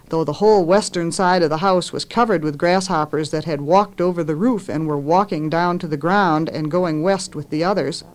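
A lowish-voiced woman author reads a story in a careful, expressive manner. When characters speak, she brings her voice up for their lines.

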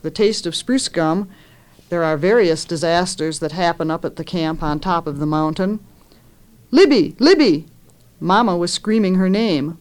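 A woman author reading a story aloud in a measured, expressive way, lifting her voice for the characters' lines. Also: on the low side.

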